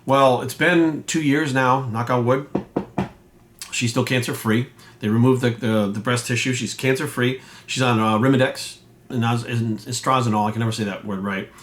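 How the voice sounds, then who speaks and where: A man's voice: medium pitch, steady tone, normal speed, a little hiss or hum. A man, a fitness coach ranting casually and bluntly, swearing often and acting out quoted voices. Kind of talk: casual rant to camera.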